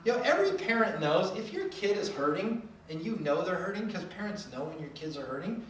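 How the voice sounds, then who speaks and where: A preacher giving a sermon in a lively way, acting out quoted voices with humor. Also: medium pitch, brisk, a little hiss or hum. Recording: echoey hall from far off.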